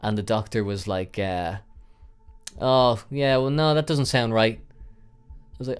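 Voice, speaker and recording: A man's voice: lowish voice, unhurried, clear, resonant tone, faint music behind. A young man hosting a podcast, telling a long personal story in a rambling way, with frequent fillers and swearing. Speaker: podcast host. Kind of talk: storytelling monologue.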